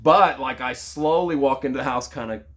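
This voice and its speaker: Man, thirties, mid-pitched, casual storyteller, lively and conversational. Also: normal speed. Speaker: sales leader.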